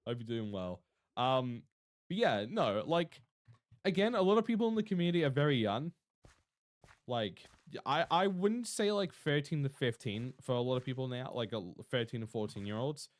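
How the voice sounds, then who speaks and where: A young man with an Australian accent, chatting casually and rambling to his stream viewers, often swearing and talking fast. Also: mid-range voice, expressive, no echo. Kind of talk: casual livestream chat to viewers.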